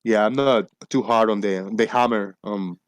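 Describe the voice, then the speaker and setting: A man's voice: lowish voice, normal speed, no room sound. A man with a Puerto Rican accent hosting a livestream, talking loosely and swearing casually. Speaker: livestream host.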